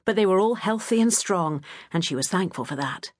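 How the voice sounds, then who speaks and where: A woman reading an audiobook in a gentle, measured storytelling manner. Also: medium pitch, expressive, no echo, clean studio sound. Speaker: audiobook narrator. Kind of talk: scripted narration.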